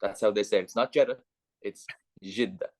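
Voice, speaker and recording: A man's voice: on the low side, flat delivery, darkish tone, dry recording. An Irish man chatting as a podcast guest, rambling and full of "like". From Ireland. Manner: rapid, rambling, peppered with "like". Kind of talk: casual podcast chat.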